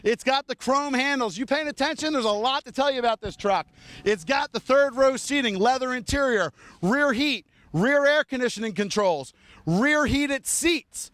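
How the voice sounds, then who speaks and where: This clip features a male car salesman fronting a televised commercial from an outdoor dealership lot. Talking straight at the audience and camera operator, he rapidly lists the vehicle's features with enthusiastic, pushy energy, his voice expressive and fairly bright with no echo.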